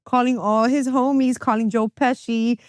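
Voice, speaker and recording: A music publicist appears as a guest on a podcast, chatting casually and animatedly while laughing often and swearing freely. Her voice is a little high with fairly even intonation at a normal speed, recorded in clean studio sound with no echo.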